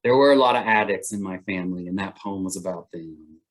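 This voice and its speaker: A poet reading his own poems aloud in a measured, deliberate way, with brief chat between poems. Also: low-pitched. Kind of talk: poetry reading.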